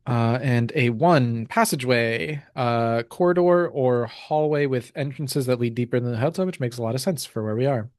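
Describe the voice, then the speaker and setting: A man reading game rules aloud and describing scenes in a relaxed way, with many fillers. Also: mid-range voice, normal speed, hardly any pauses, no room sound, studio quality. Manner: relaxed, full of ums and uhs. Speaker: tabletop game player.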